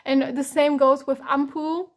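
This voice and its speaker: High-pitched woman w/ doing a tarot reading, chatty, keeps restarting her sentences. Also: level tone, measured pace. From Germany. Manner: chatty and rambling, many fillers and restarts. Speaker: tarot reader. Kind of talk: rambling tarot reading to camera.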